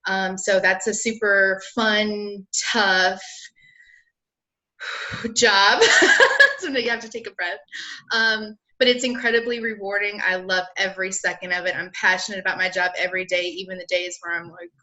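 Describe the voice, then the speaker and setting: A woman with a South Carolina Southern accent chats as a podcast guest. Her voice is bright and clear, and she laughs often and tosses in quick asides. She sounds lively and open. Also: medium pitch. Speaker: guest, lawyer and blogger. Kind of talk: casual podcast interview.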